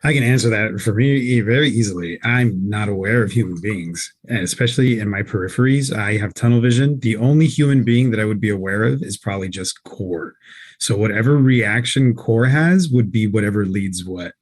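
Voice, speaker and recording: A man's voice: on the low side, fairly quick. A man player in a tabletop game, answering in a matter-of-fact way.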